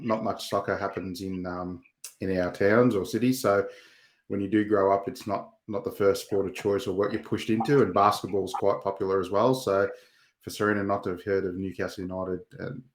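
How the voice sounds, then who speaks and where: A man's voice: sits low, little pitch movement, normal speed. A man co-hosting a podcast, asking questions in a rambling, casual way. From Australia. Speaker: podcast co-host. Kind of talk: casual interview chat. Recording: roomy echo.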